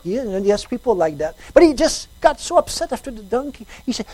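A woman preaching a sermon, telling a story, repeating phrases and swinging between loud emphasis and quiet talk. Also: on the high side, lively intonation, brisk, hardly any pauses, slight background noise, low-quality recording.

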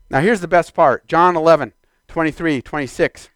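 Man, preacher, sermon, high voice, smooth and resonant, dry close sound. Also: normal speed, no room sound. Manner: animated, swings from quiet teaching to loud exclamation.

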